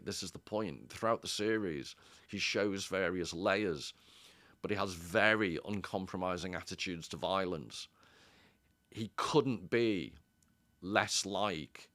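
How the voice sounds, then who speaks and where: A man's voice: low-pitched, fairly bright tone, no room sound. A man giving a casual commentary as a video essayist, digressive and wry, often interrupting himself.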